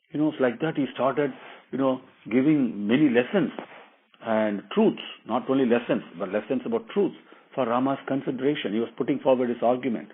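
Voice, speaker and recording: A man telling a devotional story earnestly, often pausing with fillers and asides. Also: medium pitch, slightly rough. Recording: tinny phone-like sound.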